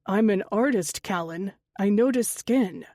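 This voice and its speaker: A woman's voice: mid-range voice, unhurried, darkish tone, no echo, clean studio sound, close to an everyday voice. A woman reading the part of a teasing young male panther-shifter tattoo artist, wry and chatty, in an audiobook.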